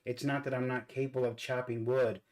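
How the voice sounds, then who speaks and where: An earnest man chats casually as he puts on makeup for his vlog. His voice sits at a middle pitch. He stops and restarts his phrases often, repeating words on the way. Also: flat delivery, a little fast, darkish tone, poor audio. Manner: earnest, repeats words while searching for them. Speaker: vlog host. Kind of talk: casual talk while doing makeup.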